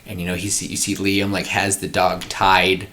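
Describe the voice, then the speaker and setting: A man hosting a podcast, pitching story ideas in a rambling casual chat with frequent laughs. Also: completely flat delivery, normal speed, sharp tone, a little hiss or hum. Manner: rambling, laughs often, acts out scenes.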